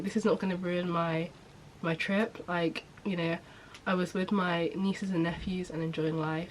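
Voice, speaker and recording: A woman's voice: on the low side, steady tone, normal speed, fairly bright tone, slight background noise, poor audio. A young woman chatting casually to camera as a medical student vlogger, upbeat with lots of fillers. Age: young adult. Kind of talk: casual vlog chat to camera.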